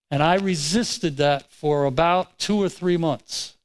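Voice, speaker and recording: A man preaching a sermon, telling a personal story in an animated way and acting out his own words. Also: a little high, slow, rough recording. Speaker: pastor.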